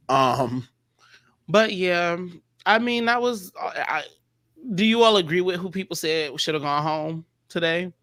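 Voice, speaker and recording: Man hosting a casual panel, animated, acts out quotes, dry close sound. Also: sits high, takes it slowly, pauses often, no room sound. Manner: animated, quotes people in exaggerated voices. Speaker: panel host.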